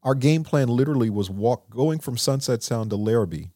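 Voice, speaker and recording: A man telling stories as an interview guest in a recording studio, animated and acting out what people said. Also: fairly quick, no echo. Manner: animated, acts out quotes with lively pitch. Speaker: songwriter and producer, interview guest. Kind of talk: conversational storytelling.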